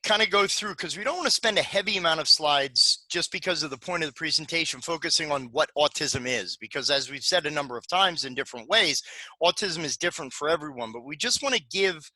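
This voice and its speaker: A man's voice: fairly high pitch, animated, fairly quick, pushed and bright, dry recording, low-quality recording. A man presenting a panel talk on games, speaking conversationally with many fillers and restarts.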